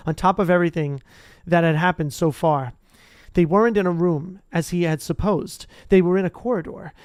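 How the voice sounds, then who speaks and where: Casual read-aloud, chatty, rambling, self-correcting, mid pitch, dry close mic. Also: a little mellow, no room sound. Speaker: audiobook reader.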